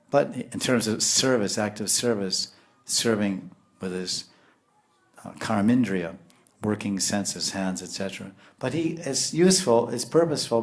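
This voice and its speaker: Male spiritual teacher, lower register, patient explanatory lecture delivery. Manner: explanatory, storytelling, sprinkles Sanskrit terms. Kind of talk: devotional lecture.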